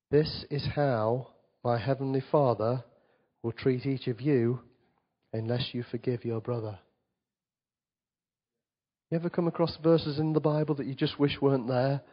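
Male pastor, mid-pitched husky voice, sermon with quiet earnest asides, dull recording. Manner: reads scripture aloud, then drops to quiet, earnest asides.

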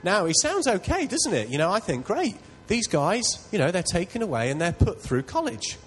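A man's voice: high voice, fairly quick, a little hiss or hum, rough recording. A man preaching a sermon, telling a personal story in an earnest, self-deprecating way. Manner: earnest, self-deprecating, builds to loud excitement.

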